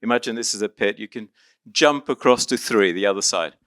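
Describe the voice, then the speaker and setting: Upbeat workshop presenter, a man from Argentina; smooth, crisp voice, dry close sound. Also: fairly low pitch, brisk, fairly bright tone, dry recording. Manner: upbeat and encouraging, coaxing volunteers. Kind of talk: interactive live workshop.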